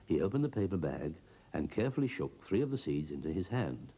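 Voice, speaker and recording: A man giving a scripted children's storybook narration, expressive and bouncing between character voices. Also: sits low, a little fast, breathy edge.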